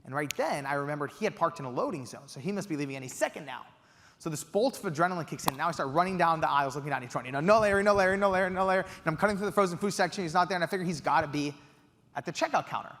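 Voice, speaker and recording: A young man giving a keynote speech, telling an animated story with excited quoted outbursts. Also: a little high, rapid-fire, slight background noise. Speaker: keynote speaker. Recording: reverberant hall.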